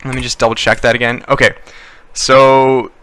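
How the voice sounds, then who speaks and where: Young male GM, hesitant narrator, bright clear voice, dry close mic. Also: medium pitch, flat delivery, normal speed, no echo. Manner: hesitant, many fillers and restarts. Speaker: game master. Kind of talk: narrating a tabletop game.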